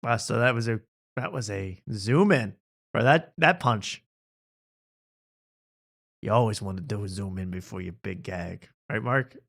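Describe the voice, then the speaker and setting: A man's voice: lowish voice, a little slow, creaky, long pauses, a bit bright. A man hosting a late-night show, chatting casually and joking about clips, often laughing. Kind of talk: casual chat reacting to clips.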